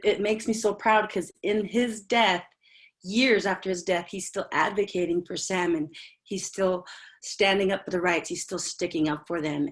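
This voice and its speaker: A woman giving an informal, earnest talk on a video call, halting often with fillers and restarts. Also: sits low. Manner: heartfelt, earnest. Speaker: presenter at a virtual working group meeting. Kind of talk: informal spoken presentation.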